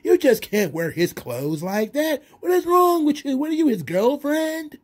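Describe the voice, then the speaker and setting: A man's voice: very high voice, big pitch swings, a little slow, voice pushed up, heavily acted. A man voicing an outraged male wrestling commentator with a forced, scandalized, repetitive delivery.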